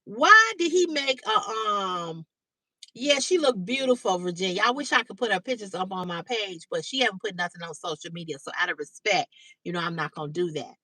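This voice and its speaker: A woman hosting a livestream, telling a story to her chat in a blunt, animated way, swearing freely and greeting viewers by name. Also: medium pitch, a little fast, no echo. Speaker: livestream host. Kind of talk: casual storytelling to live chat. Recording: dry, slightly distant mic.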